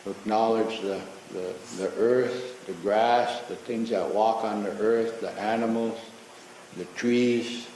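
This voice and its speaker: Man speaking slowly in a very echoey hall. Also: on the low side, fairly even intonation, a little mellow, slight background noise. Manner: slow, repetitive, reflective, with frequent pauses and restarts. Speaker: community speaker giving an opening acknowledgment. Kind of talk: ceremonial public address. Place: large courtroom. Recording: very echoey hall with long reverb.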